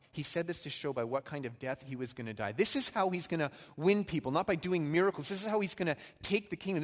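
Male pastor preaching with emphatic rises and quiet drops; medium pitch; echoing hall sound. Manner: emphatic preaching, swings between loud and soft. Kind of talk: sermon. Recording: long hall reverb.

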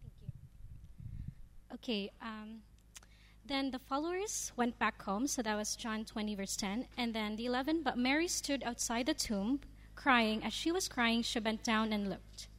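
Woman, scripture reader, careful measured reading, fairly high voice, long hall reverb. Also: fairly bright tone. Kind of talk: reading a Bible passage aloud.

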